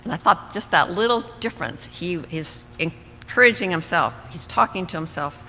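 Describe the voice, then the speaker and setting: Her voice is lowish, pushed and bright, with lively intonation and moderate pace as she gives an earnest, thoughtful Bible study to a women's fellowship. Small slips and restarts occur, and the church hall sounds reverberant with faint background noise.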